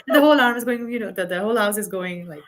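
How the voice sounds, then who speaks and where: A woman host asking questions, affirming her guest and sharing a lively personal story. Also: mid-range voice, rapid-fire. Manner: engaged, affirming, tells lively personal anecdotes. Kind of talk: casual interview chat.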